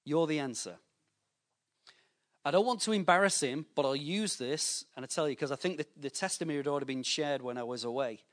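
Man preaching with lively stories. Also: fairly high pitch, quick pace, hardly any pauses. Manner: storytelling with lively voiced anecdotes. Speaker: pastor. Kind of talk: sermon.

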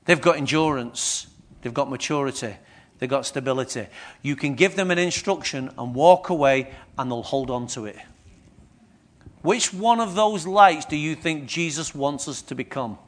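With a high, lifted voice and a moderate pace, a man preaches a sermon. He regularly checks in with the congregation, firing questions at them as he goes.

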